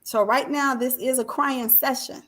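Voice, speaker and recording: A woman with a notably high voice speaks in a faith-filled testimony style. She presses her points hard and repeats key phrases for emphasis. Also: fairly even intonation, normal speed, a bit bright.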